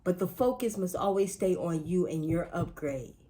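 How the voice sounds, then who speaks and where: A woman's voice: fairly low pitch, animated, normal speed, warm tone. Chatty woman giving a spiritual pep talk. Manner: chatty, emphatic, playful asides and repetitions. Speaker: astrology and spiritual reader.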